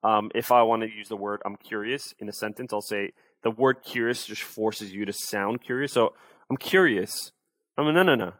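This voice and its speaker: A man's voice: fairly low pitch, flat delivery, normal speed, few pauses, a bit bright, no echo. A young adult man, a sales coach, explaining and demonstrating tones of voice in a casual interview.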